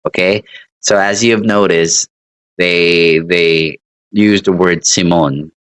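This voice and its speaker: Slow, low-voiced man teaching English. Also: steady tone, fairly bright tone, clean tone, dry recording, poor audio. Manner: rambling, self-correcting, laughs at own examples. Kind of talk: casual online English lesson.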